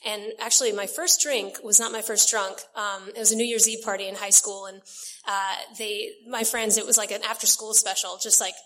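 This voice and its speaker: A woman's voice: medium pitch, level tone, brisk, bright, forceful tone. A young woman from San Diego telling her recovery story at a meeting in a chatty way, laughing often and using many fillers. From San Diego, California. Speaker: AA meeting speaker.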